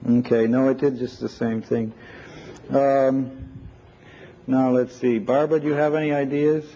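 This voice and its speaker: Male lecturer, mellow tone, informal and thinking aloud, lo-fi archival lecture tape with faint hiss. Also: mid-range voice, level tone, unhurried. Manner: informal, thinks aloud, takes audience questions. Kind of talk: live technical lecture with on-screen demo. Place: lecture room with audience. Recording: dull lo-fi 1980s lecture tape.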